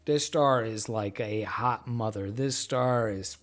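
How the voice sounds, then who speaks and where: A man hosting a casual live stream, talking in a loose, rambling way with many fillers, relaxed and joking, a little tipsy. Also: on the low side, slow pace. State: a bit tipsy from beer. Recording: faint music in background.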